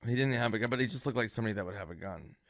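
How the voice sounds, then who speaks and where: A man's voice: on the low side, very fast, dry recording, studio quality. A man, a comedian, casually telling a backstage anecdote with lots of fillers. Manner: lively anecdotal delivery with frequent fillers. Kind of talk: casual storytelling.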